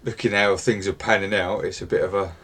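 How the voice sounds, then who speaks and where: A man's voice: lowish voice, little pitch movement, fairly quick, fairly bright tone, husky. A man running a tabletop game as game master, easygoing and a little hesitant, filling gaps with "uh".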